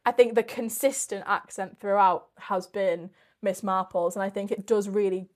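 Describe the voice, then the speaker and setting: A woman hosting a casual chat, talking in an animated, chatty way full of "like". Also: medium pitch, moderate pace. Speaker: podcast host.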